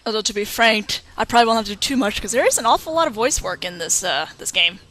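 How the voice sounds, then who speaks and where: A young woman hosting a let's play, chatting excitedly through gameplay commentary. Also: a little high, fast talker. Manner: excitable and giggly.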